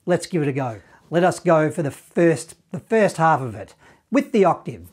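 A man teaching a saxophone lesson, walking through the notes in a relaxed, encouraging way and scatting the phrases. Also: on the high side, normal speed, breathy edge. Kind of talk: online music lesson.

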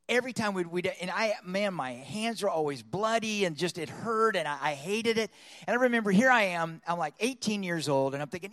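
Male storyteller preacher, high pitch, lively and dramatic delivery. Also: in a large hall. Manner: animated storyteller acting out voices. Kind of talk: storytelling sermon.

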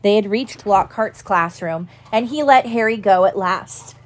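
A woman narrating a storybook aloud at a steady, even pace. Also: mid-range voice, a little slow. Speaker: audiobook reader.

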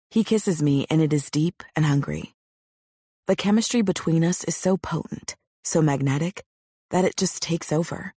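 Low, husky woman reading a novel. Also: normal speed, warm tone, no echo, clean studio sound. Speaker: audiobook narrator. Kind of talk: first-person scripted narration.

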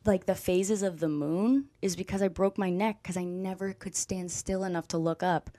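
A young woman, a guest on an interview show, telling her story with lively energy and acting out what people said. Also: lowish voice, normal speed, dry recording. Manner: animated storyteller, acts out quoted dialogue, frequent "like". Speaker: guest, former college softball player. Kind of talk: conversational interview.

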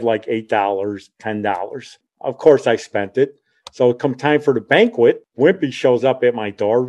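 A man's voice: mid-range voice, darkish tone, muffled recording. An older man in his sixties hosts a podcast and tells stories from his own youth. He talks casually and chattily, the way someone would at a kitchen table, and he laughs at his own tales. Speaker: podcast host. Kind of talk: casual personal storytelling.

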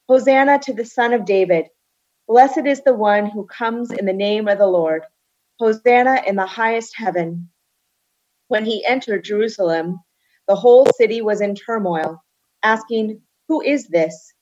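A woman reading a scripture passage aloud in a steady, clear way. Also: medium pitch, a little slow. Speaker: podcast co-host reading scripture. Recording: dull lo-fi sound.

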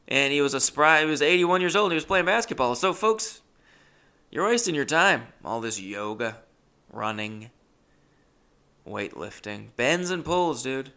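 Gravelly, bright-toned rambling comedian. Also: male voice, medium pitch. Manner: rambling, self-deprecating, trailing off and restarting. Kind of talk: comic storytelling.

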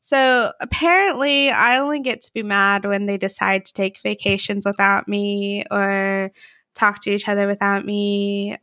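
A woman's voice: medium pitch, pushed and bright, no room sound. This young woman hosts a casual podcast in an upbeat, joking way, tossing in "like" as she goes. Her voice sits in a middle register and sounds dry and close to the mic. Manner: upbeat, joking, chatty with frequent "like". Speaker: podcast host.

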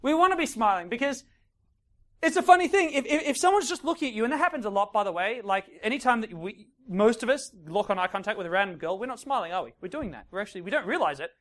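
A man giving a lively seminar talk to a room of listeners. He acts out scenes as he goes and keeps checking in with the crowd. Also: high voice, fast talker. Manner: animated, acts out scenes, frequent checks like "right?" and "okay?". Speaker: dating coach. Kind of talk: live seminar talk to an audience.

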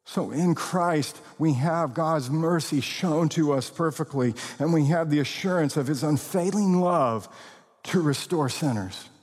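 Male pastor, sermon delivery, slow and emphatic, husky tone, reverberant hall sound. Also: a little high. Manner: expressive preaching, slow deliberate emphasis, occasional laughs.

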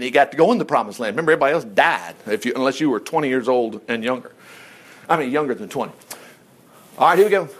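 A high-voiced man preaching with a lively, swinging delivery. He reads scripture aloud and keeps breaking in with jokey, mocking asides. His pitch leaps up and down as he teases his listeners. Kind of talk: sermon.

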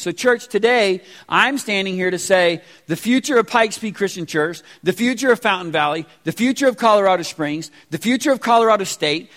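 A pastor in his forties who preaches a sermon in a casual, animated way with slangy asides. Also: high voice. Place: church sanctuary. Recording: reverberant church hall.

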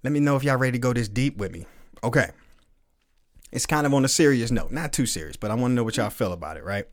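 Guy in his 40s hosting a podcast, cussing, animated, cracking himself up. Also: medium pitch, fast. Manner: animated, profane storyteller who laughs often. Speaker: podcast host. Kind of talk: casual podcast chat with live chat.

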